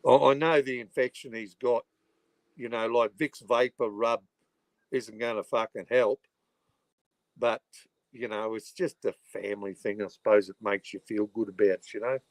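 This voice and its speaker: A man's voice: lowish voice, steady tone, moderate pace, no echo. Rambling, foul-mouthed Australian man. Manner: rambling, heavy swearing, frequent "you know". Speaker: livestreaming channel host. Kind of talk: rambling casual livestream chat.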